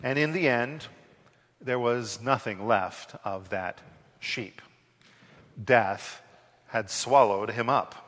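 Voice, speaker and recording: A man telling a parable in a slow, deliberate, dramatic way, recorded in a reverberant hall. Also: medium pitch, a bit bright. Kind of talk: told parable, storytelling.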